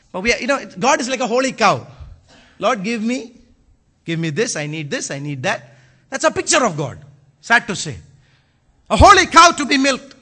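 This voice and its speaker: A man preaches to his congregation in a notably high, very bright voice. His pitch swings widely as he moves between quiet asides and loud, shouted emphasis. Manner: preaching with bursts of shouting, mixes in Malayalam phrases. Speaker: pastor. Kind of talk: sermon.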